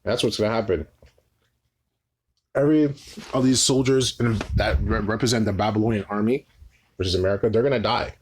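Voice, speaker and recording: A man with a fairly low voice reads scripture aloud and explains it in loose, conversational teaching. He keeps tagging his points with "right?" and often stumbles and restarts mid-phrase. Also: fairly quick, long pauses, breathy edge. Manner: repeats "right?" as a tag, frequent restarts. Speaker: Bible teacher.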